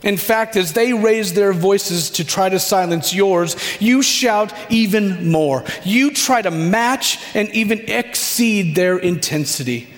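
A man's fairly high voice carries slowly through a reverberant hall. He preaches as a guided meditation, drawing listeners into the scene with a reflective manner and long, dramatic pauses. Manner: slow, reflective second-person storytelling with dramatic pauses.

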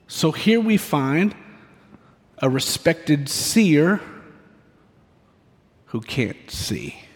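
A man preaching a sermon, retelling a scripture story with animated, playful asides. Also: fairly high pitch. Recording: echoey hall reverb.

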